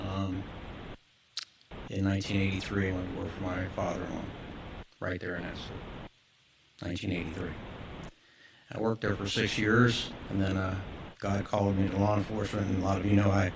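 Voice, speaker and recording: A man in his late sixties giving an earnest, heartfelt public comment at a city council meeting. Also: on the low side. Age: 60s. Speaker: business owner speaking at public comment. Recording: noisy council chamber recording.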